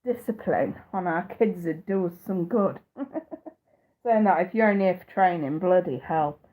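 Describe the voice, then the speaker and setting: With a fairly low voice at normal speed, a thirtysomething British psychic reader chats on a live stream, laughing a lot and speaking bluntly and profanely. The sound is thin and tinny, like a phone line.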